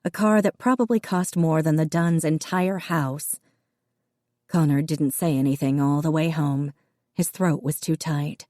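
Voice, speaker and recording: Woman reading an audiobook, low mellow voice, steady, dry close mic. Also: unhurried, dry recording. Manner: steady storytelling with character voices. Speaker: audiobook narrator. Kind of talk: scripted audiobook narration.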